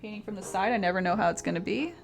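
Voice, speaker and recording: A woman's voice: medium pitch, racing, gravelly. A woman teaching painting on a live stream, chatty and laughing often as she answers her chat.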